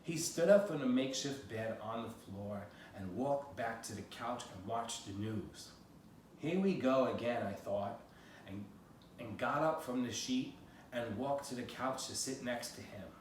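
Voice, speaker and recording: A man's voice: mid-range voice, a little slow. A man from the United States reading excerpts from his own memoir aloud in a plain first-person way. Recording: very echoey room, voice from a distance, faint noise.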